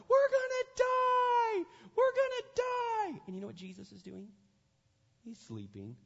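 A man's voice: sits high, slightly rough. A male pastor delivering a sermon in a conversational way, repeating his phrases for emphasis, recorded in a church sanctuary. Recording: echoey hall, dull lo-fi sound.

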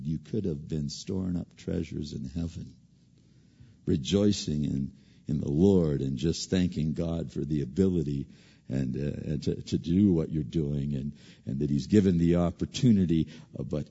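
A man preaching a sermon, animated, swinging from loud emphasis to hushed asides and often repeating words as he restarts. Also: very deep voice, a little slow, gravelly, slightly rough, long reverb tail, muffled recording.

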